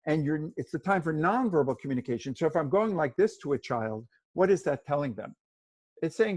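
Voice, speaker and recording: A middle-aged man, a parenting expert, explaining in a lively, demonstrative way in an interview. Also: on the high side, brisk, dry recording. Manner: lively, demonstrative, acts out examples.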